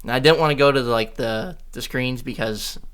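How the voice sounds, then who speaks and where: A man's voice: medium pitch, a little fast, fairly bright tone, smooth. A young man telling an exasperated story on a casual podcast with friends. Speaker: podcast co-host.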